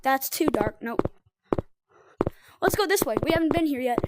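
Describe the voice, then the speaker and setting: A young woman streaming a VR game, giving excitable play-by-play commentary to her chat and a friend, often shrieking, laughing and trash-talking. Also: sits high, moderate pace, very noisy. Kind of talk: live gameplay commentary.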